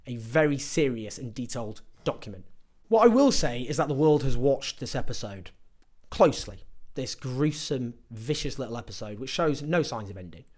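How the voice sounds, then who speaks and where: A man from Britain delivering a sarcastic, indignant political opinion monologue to camera, full of rhetorical questions. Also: medium pitch. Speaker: political commentator.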